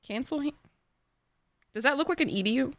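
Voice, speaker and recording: A young woman with an Egyptian accent, streaming live and chatting casually with her viewers in an animated way, laughing easily. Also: sits high, brisk, no echo.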